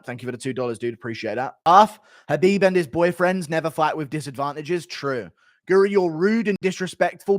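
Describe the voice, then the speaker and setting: Lively-voiced young streamer. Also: male voice, a little high, dry recording, clean studio sound. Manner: blunt, offhand, banters with chat. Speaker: livestream host. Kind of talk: casual livestream chat reading donations.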